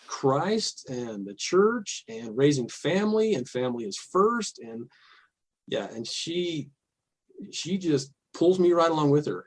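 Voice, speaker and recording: A middle-aged man speaks candidly about a hard chapter of his life, halting and restarting as he goes. His voice sits a little high for a man, and he breaks into soft laughs now and then. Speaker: podcast guest. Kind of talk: candid personal storytelling.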